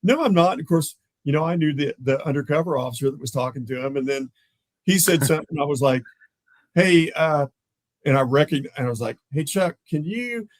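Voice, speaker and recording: An older man, a former police officer telling animated stories in a casual chat. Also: medium pitch, fast, no echo, poor audio. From Tulsa, Oklahoma. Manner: animated, acts out others' voices in his stories; laughs often mid-story.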